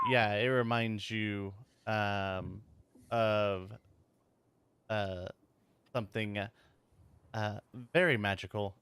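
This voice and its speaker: Male game master, low and smooth, hesitant, filler-heavy. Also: a bit bright, no room sound. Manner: hesitant, thinking aloud with fillers. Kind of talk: running a tabletop game.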